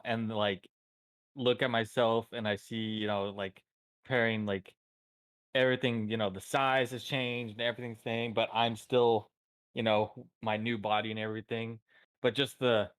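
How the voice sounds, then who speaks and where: A man playing in a tabletop game, talking in a halting, musing way full of fillers. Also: on the low side, dry recording. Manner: halting, musing, full of likes and you-knows. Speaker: player. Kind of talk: casual tabletop role-play.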